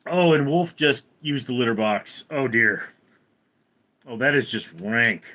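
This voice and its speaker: A man's voice: medium pitch, lively intonation, a little slow, pushed and bright, poor audio. A man hosting a casual livestream, rambling and answering viewers' chat questions. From California. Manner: rambling, reads chat aloud. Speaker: livestream host.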